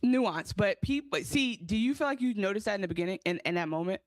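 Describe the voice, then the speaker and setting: A woman's voice: mid-range voice, fast, no room sound. A woman co-hosting a podcast, chatting casually about a TV episode, rambling and acting out the characters' lines. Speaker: podcast co-host. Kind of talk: casual TV recap chat.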